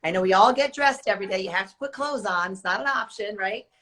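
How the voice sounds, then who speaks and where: A woman from the Northeastern US, a bit hoarse, explaining her work in a friendly way on a casual video call. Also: mid-range voice, fast talker, a bit bright, rough recording. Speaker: online stylist. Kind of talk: casual live video chat.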